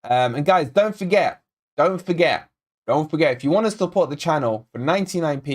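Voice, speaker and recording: A man born in Scotland hosting a live football watch-along, chatting and reading out viewer comments and predictions. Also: on the high side. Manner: chatty, reads out chat names and predictions, excitable. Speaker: fan channel host.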